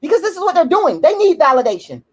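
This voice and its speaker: Heated, high-voiced woman ranting bluntly. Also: very animated, quick pace. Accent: African American English. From United States. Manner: blunt, profane, repetitive and heated. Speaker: YouTube commentator. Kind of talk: emphatic personal rant to camera.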